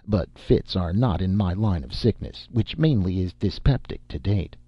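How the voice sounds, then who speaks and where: A man's voice: deep voice, expressive, normal speed, breathy edge, no room sound, dull audio. A man voicing a pompous, long-winded small-town detective who talks stiffly. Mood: stiffly dignified.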